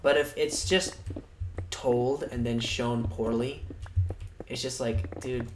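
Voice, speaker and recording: A male streamer rambles along at an unhurried pace, swearing freely, with a sardonic edge. His voice sits at an ordinary pitch and drops soft at times. It echoes in the room over steady background noise. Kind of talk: casual livestream chat.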